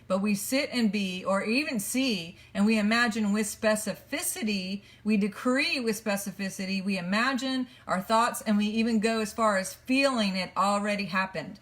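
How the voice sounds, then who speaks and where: A woman giving a self-help teaching talk as a motivational coach, energetic and repetitive, explaining points step by step. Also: medium pitch.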